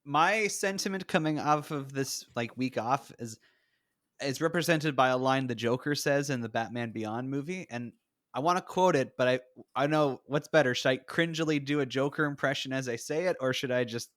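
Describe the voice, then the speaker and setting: A man's voice: medium pitch, moderate pace, a bit bright. A man co-hosting a casual podcast over a video call, upbeat and playful. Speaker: podcast co-host. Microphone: remote call mic.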